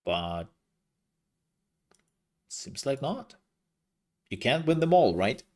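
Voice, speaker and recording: A man's voice: mid-range voice, very animated, takes it slowly. A man streaming live, giving casual commentary on game demos in a rambling, candid way with hesitant fillers.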